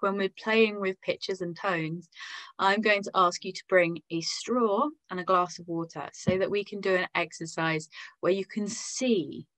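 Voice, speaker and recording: A woman with an English accent leading an online singing lesson, gently encouraging and demonstrating sounds aloud. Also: lowish voice, rough recording. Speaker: singing teacher.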